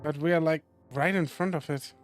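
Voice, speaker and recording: A man's voice: a little high, fairly even intonation, a little fast, faint music behind, lightly acted. A man voicing an anxious young male furry character from a visual novel, with a nervous, complaining way of talking. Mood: uncertain.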